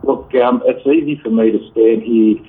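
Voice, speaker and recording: A man in his fifties calling in, giving frank, blunt advice with many halting fillers. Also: mid-range voice, steady tone. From Australia. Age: 50s. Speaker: caller. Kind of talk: call-in advice. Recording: tinny phone line.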